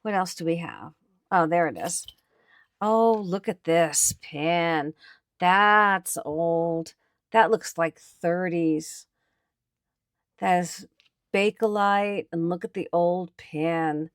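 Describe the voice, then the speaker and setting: Unhurried, low-voiced enthusiastic woman host. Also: no room sound, clean studio sound. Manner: chatty and enthusiastic, showing items to viewers. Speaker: antiques picker and channel host. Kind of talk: casual on-camera commentary. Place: indoors at an estate sale.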